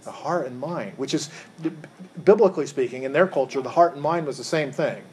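A man's voice: mid-range voice, brisk, a little mellow. A man leading an interactive Bible study, quizzing his group and often repeating words as he rephrases.

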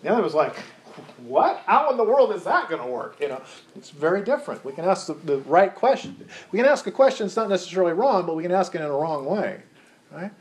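A man with a high, fast, slightly mellow voice and lively intonation teaches a Bible study in a chatty, conversational way. He keeps asking his group questions and restarts often, recorded in a room with noticeable echo and faint hiss.

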